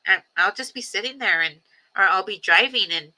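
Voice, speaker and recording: A woman who is a grandmother, hosting a personal livestream and talking reflectively, with frequent ums, pauses and repeated phrases. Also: medium pitch, sharp tone, rough recording. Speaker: livestream host. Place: home livestream.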